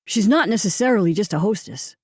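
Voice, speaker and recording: A woman's voice: mid-range voice, lively intonation, a little fast, a little mellow, husky, dry recording, studio quality. A woman narrating an audiobook, voicing an eager young boyfriend who talks in a coaxing, upbeat way.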